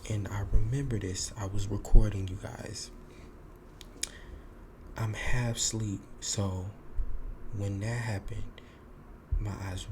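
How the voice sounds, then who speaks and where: A man's voice: fairly low pitch, takes it slowly, pauses often, background noise. Guy hosting a podcast, acts out the quotes, cusses a lot. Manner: animated, acts out quoted lines, swears. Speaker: podcast host. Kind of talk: casual storytelling monologue.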